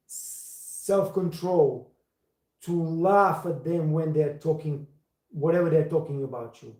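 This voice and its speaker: A man's voice: a little high, warm tone. Emphatic man, echoey room. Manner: emphatic, repeats words for stress, non-native phrasing. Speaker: livestream host and waiter trainer. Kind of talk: casual livestream talk.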